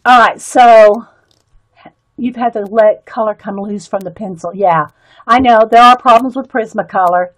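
A woman's voice: fairly high pitch, normal speed, dry recording, poor audio. A woman hosting a casual art and craft live stream, chatting to viewers and reading their comments, giggly and full of fillers and restarts. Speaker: art and craft livestream host. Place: home craft studio.

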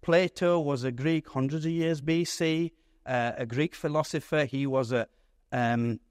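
A man, a pastor, teaching a Bible study in a lively, conversational way, putting questions to his audience. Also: a little high, measured pace, clean tone, dry recording, clean studio sound.

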